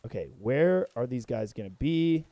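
Excitable young man yelling over gameplay. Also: medium pitch, moderate pace, dry recording. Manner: excitable, profane, bursts into yelps and shouts mid-play. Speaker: gaming content creator. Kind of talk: live gameplay commentary.

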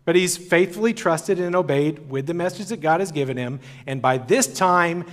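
Higher-voiced man preaching in a reverberant hall. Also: normal speed, few pauses. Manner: casual, conversational storytelling. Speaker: conference speaker. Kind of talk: sermon.

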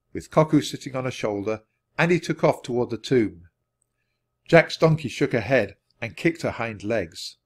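A man narrating a children's audiobook in an expressive reading voice. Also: normal speed, breathy edge. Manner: expressive, varied pitch. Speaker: audiobook reader.

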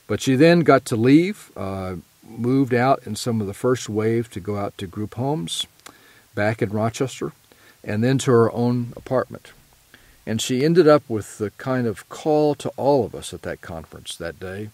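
A man delivering a prepared lecture in an earnest, measured way, now and then correcting himself mid-phrase. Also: medium pitch, animated, darkish tone, no room sound. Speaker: presenter.

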